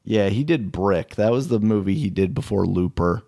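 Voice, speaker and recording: A man hosting a podcast in casual chat, relaxed and laughing often. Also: lowish voice, moderate pace, vocal fry. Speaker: podcast host.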